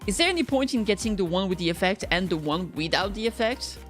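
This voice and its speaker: A woman's voice: mid-range voice, expressive, fast, soft background music. A woman livestreaming a game, chatting with her viewers in a bubbly, playful and self-mocking way. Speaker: streamer. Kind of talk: casual gaming livestream chat.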